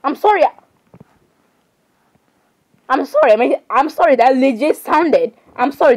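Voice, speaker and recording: A high-pitched teenage girl talks over her game, rambling in a dramatic, excitable way. She jumps from topic to topic in casual gaming chatter. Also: rough recording. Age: teens. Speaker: gamer.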